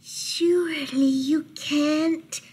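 A woman's voice: sits high, steady tone, drawn-out words, a little mellow, pitched above the performer's own voice. A woman voicing a small, polite, cheerful male mouse while reading a picture book aloud, chirpy and apologetic. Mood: whispered.

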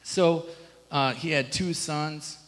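A man's voice: a little high, fairly even intonation, takes it slowly, a bit bright. Man preaching in a reverberant church. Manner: conversational preaching with rhetorical questions to the congregation. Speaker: pastor. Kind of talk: sermon. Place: church sanctuary.

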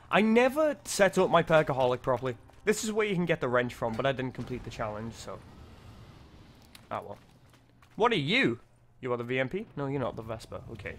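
A young man, giving excitable, sweary gameplay commentary, yelping when startled. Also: medium pitch. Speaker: gaming video creator.

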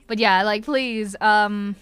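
A woman's voice: medium pitch, steady tone, takes it slowly, a bit bright, clean tone. A young woman from Northern Ireland with an Irish-transatlantic accent, chatting giggly and effusively as a voice actress answering fan questions. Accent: Irish-transatlantic mix. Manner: giggly, effusive, rambling with many fillers. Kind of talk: casual livestream Q&A.

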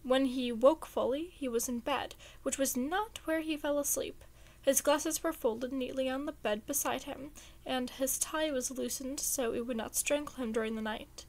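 A woman reading fan fiction aloud in a casual, chatty and expressive way. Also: high voice, normal speed.

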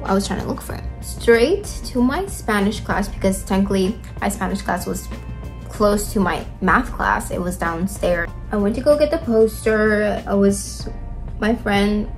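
Doing her makeup on camera, a young vlogger chats her way through a meandering tale from school, full of fillers. She speaks at a medium pitch, captured up close on a phone inside.

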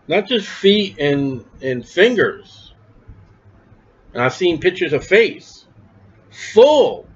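Man, preacher, high voice, sermon, asks and answers himself, dull lo-fi recording. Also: very animated, slow, long pauses, breathy edge. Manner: conversational, asks and answers his own questions; acts out quoted voices with raised pitch.

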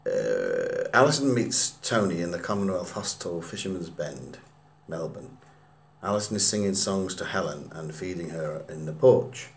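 A man narrating his own musical, reading a script aloud quickly and stumbling over names now and then. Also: low-pitched, big pitch swings, creaky.

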